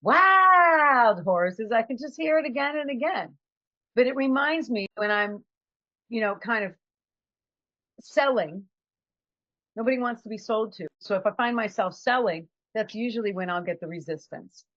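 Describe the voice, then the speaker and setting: A woman's voice: a little high, moderate pace, long pauses, dry recording, highs cut off. A woman giving a conversational, reflective motivational talk as a trainer. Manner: conversational, reflective, acts out quotes.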